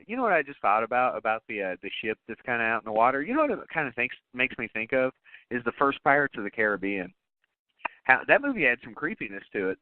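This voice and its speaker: Male podcast co-host, casual and animated, salty language; thin lo-fi sound. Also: medium pitch, dry recording. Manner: animated, swearing, acts out quotes. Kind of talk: casual movie-review chat.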